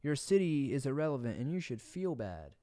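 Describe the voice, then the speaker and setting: A young man with a Southern American drawl chatters through a football game stream, swearing freely and cracking jokes as plays unfold. His voice sits at an everyday middle pitch and reaches a close desk mic in a dry, dead room with no echo. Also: sing-song, brisk, mellow. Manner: profane, rambling, jokey. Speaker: gaming streamer. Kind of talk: casual gameplay commentary.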